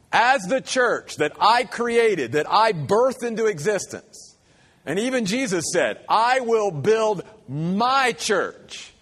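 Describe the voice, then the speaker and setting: A man with a notably high voice delivers a sermon to his congregation. He builds in rhythmic repeated lines and slows to stress each word. His voice carries a long reverb from the church hall. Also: fairly bright tone. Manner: emphatic preaching with slow stressed phrases and repeated lines. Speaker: pastor.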